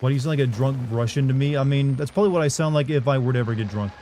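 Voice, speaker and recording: A man's voice: mid-range voice, very fast, warm tone, a little hiss or hum. A man streaming a game live, chatting with his viewers in a joking way and trying out silly voices. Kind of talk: live gameplay commentary.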